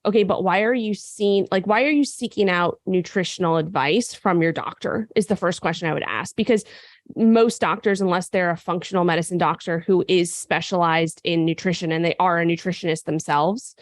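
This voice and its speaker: A woman co-hosting a fitness podcast, sick and raspy, explaining at length in casual chat with frequent fillers. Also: lowish voice, a little fast, no echo. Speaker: podcast co-host and nutrition coach.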